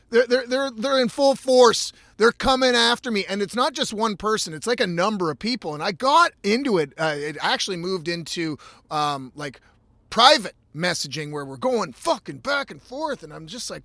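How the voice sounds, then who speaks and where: Speaking from his van, this podcast host runs a casual solo show full of swearing, exasperated rants, and frequent restarts. His voice is high and a bit bright, and the audio has no room sound.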